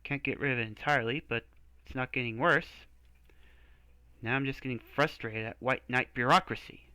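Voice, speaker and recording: A man's voice: medium pitch, normal speed, pushed and bright, clean tone, no room sound, lightly acted, low-quality recording. A man doing an exasperated temple knight. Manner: exasperated, blunt. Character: frustrated male temple knight, gruff and blunt. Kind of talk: reading game dialogue aloud.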